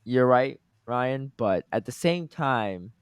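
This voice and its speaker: A man's voice: medium pitch, lively intonation, takes it slowly, clear, resonant tone, no room sound, clean studio sound. An American man co-hosting a casual podcast, reading out viewer comments and laughing easily. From United States. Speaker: podcast co-host.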